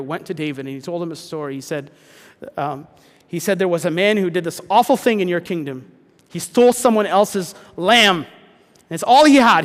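A man preaching a sermon as pastor, earnest, dropping to a hush and then rising to emphatic points. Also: fairly high pitch, big-room sound. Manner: earnest, swings between hushed and emphatic.

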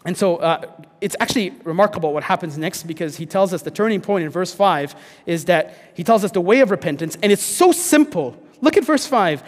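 A man preaching a sermon as pastor, earnest, dropping to a hush and then rising to emphatic points. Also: sits high, expressive, normal speed, in a large hall. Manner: earnest, swings between hushed and emphatic.

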